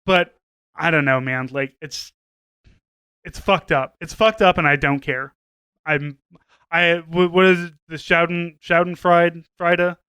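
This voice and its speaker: Bright, clear-voiced man in casual chat. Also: fairly high pitch, unhurried, pauses often, no room sound. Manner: conversational, retelling a news story. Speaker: podcast co-host.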